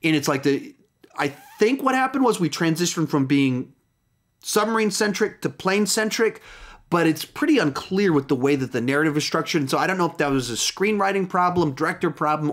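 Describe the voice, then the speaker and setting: A man giving a casual, chatty film review, talking loosely with frequent restarts and asides. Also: a little high. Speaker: movie reviewer.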